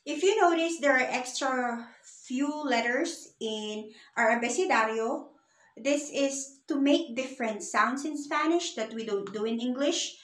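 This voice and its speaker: A woman's voice: high-pitched, a little slow, a bit bright, echoey room, poor audio. A woman teaching a beginner Spanish lesson, patiently spelling words out letter by letter.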